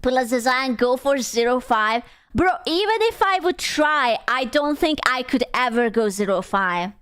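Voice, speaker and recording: A woman's voice: high voice, expressive, a little slow, fairly bright tone, clear, resonant tone, dry recording, clean studio sound. A woman streaming live who chats casually with her viewers, swearing freely, answering chat questions and mocking herself in a playful way, heard through a desktop mic. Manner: complaining and playfully self-mocking.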